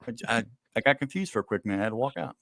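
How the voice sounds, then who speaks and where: A man's voice: fairly low pitch, animated, very fast, a bit bright, no echo, clean studio sound. A man in casual chat on a talk show, telling self-deprecating, joking stories.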